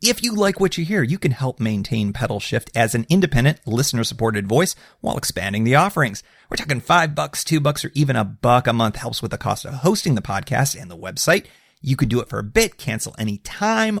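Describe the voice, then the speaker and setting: A man's voice: medium pitch, big pitch swings, brisk, creaky, fairly bright tone, soft background music. A man hosting a podcast, talking in an upbeat, chatty way with fillers and laughs. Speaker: podcast host. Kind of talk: casual podcast talk.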